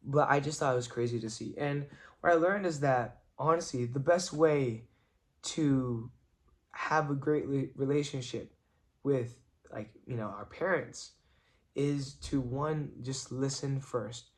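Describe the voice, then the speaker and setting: A young man with a mid-range, unhurried voice vlogs a family story, earnest and reflective. His casual storytelling is chatty and packed with "like" as a filler.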